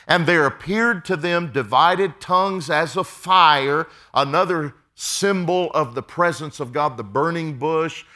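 A man preaching a sermon, telling stories with excitement and calling for amens. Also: on the high side, measured pace, hardly any pauses. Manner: storytelling, excited, with quoted exchanges and call-outs of amen.

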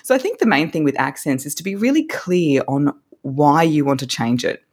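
An Australian woman, a voice coach, explaining techniques as a podcast guest in an animated way, laughing often. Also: sits low, moderate pace, husky.

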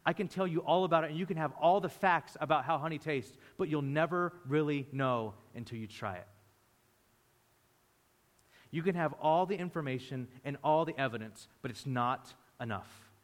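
Male pastor, sermon, lively storyteller, slightly high voice, long hall reverb. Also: normal speed. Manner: lively storytelling, acting out the disciples.

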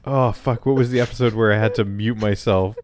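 A man's voice: on the low side, fairly even intonation, fairly quick, a little mellow, slight background noise. A man co-hosting a TV recap podcast, chatting casually with dry, ranting asides. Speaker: podcast co-host. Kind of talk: casual chat.

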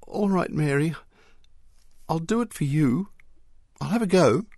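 A man voicing a frightened young boy whose voice is strained and croaking with fear. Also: a little high, expressive, measured pace, darkish tone, dry recording, clean studio sound, voice pushed up. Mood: nervous bravado. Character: frightened young boy crawling under floor.

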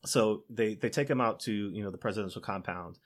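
A man's voice: lowish voice, fairly quick. A man co-hosting a podcast, casually retelling a film's plot in a loose, conversational way and often breaking into laughter. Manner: laughs often while retelling, acts out quoted lines in his own voice; conversational, loose fillers like "you know" and "like". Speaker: podcast co-host. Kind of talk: casual movie recap.

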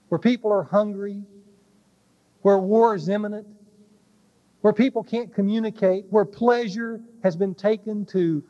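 High-voiced man preaching a slow sermon. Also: lo-fi sound. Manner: slow, weighty preaching that drops to a hush on key words. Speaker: pastor.

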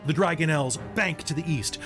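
A man running a tabletop game as game master, narrating with a relaxed, descriptive manner and some fillers. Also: on the high side, normal speed, music in the background.

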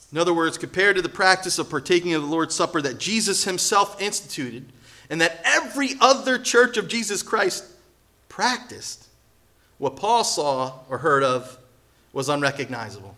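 A man preaching a sermon in a lively, conversational way, acting out quotes and building to loud emphasis. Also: on the high side. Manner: animated, acts out quotes, jokes, rises to loud emphasis. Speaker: pastor.

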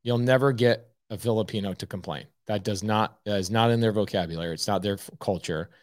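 Guy with a lowish voice on a live stream, blunt coaching, says okay a lot, dry close sound. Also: a little fast, dry recording. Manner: blunt, emphatic, repeats "okay" often. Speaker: host.

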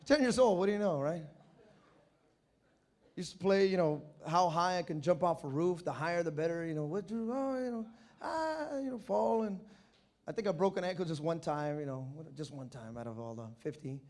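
A man preaching a sermon, telling childhood stories and acting out the voices with shouts. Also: on the high side, brisk. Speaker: pastor. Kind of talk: sermon with storytelling. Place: church.

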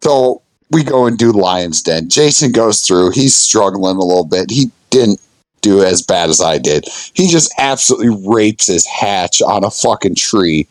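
A man tells a rambling off-road story to his podcast friends, swearing freely and acting out his own past lines. His pitch swings widely and the sound is dry and close. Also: animated, a little slow, no echo, low-quality recording. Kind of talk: casual profane storytelling.

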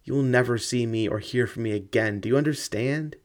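A man's voice: mid-range voice, fairly quick, close to an everyday voice. A man voicing a young suitor who turns cold and contemptuous toward his fiancée in an audiobook reading. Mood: scornful.

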